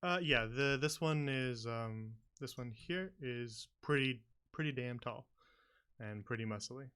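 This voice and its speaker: A man's voice: mid-range voice, measured pace, fairly bright tone, clean tone. A man running a tabletop game as game master, talking casually with many fillers and easy laughs.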